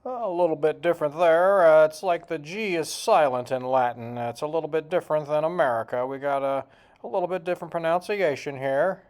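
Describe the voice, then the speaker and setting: A man's voice: a little high, a little fast, a little mellow. Folksy joking man trying out words. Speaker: video host. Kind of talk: casual vlog commentary.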